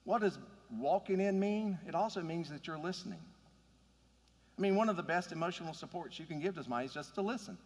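Earnest preacher in a reverberant hall. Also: male voice, fairly high pitch, lively intonation, quick pace. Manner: earnest, conversational preaching with rising emphasis. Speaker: pastor. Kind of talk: sermon.

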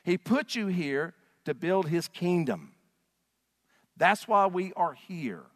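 A man's voice: high-pitched, expressive, slow. A male pastor preaching a sermon to a congregation in an emphatic, declaring manner. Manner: emphatic, rising to loud declarations. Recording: long reverb of a large hall.

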